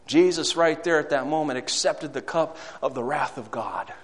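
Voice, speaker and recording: A man with a high voice preaches a sermon, swinging between hushed, low quoted words and raised, urgent passages. He throws rhetorical questions out to his listeners. His voice rings with a long reverb, as in a large hall. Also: normal speed.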